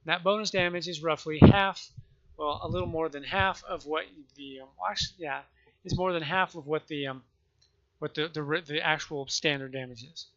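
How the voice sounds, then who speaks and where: Halting man rambling through a game explainer. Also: a little high, steady tone. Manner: halting, restarts and corrects himself often. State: has the hiccups. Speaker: gaming video creator. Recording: muffled lo-fi mic.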